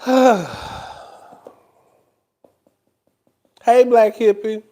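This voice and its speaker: A man talks casually to camera as a host. His delivery is animated and gossipy, full of laughter and asides to the listener. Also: high-pitched, unhurried. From Houston, Texas. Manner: animated and gossipy, laughs often, addresses listeners as "girl" and "child".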